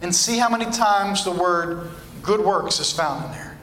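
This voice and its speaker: Brief: male pastor, very high and bright voice, emphatic repeating preacher cadence, echoey church sound. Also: expressive, moderate pace, a little hiss or hum. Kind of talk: sermon.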